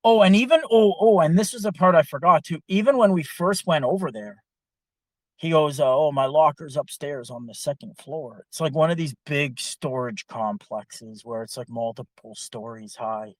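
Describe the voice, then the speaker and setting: A young man telling a long story in a casual podcast chat, animated and heavy on swearing. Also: a little high, normal speed, no echo. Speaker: podcast co-host.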